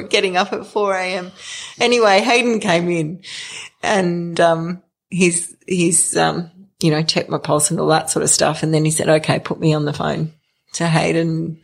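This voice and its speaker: A woman's voice: on the low side, little pitch movement, normal speed, gravelly. A middle-aged woman telling her own story in an interview, hesitant, with many fillers and restarts. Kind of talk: candid personal storytelling.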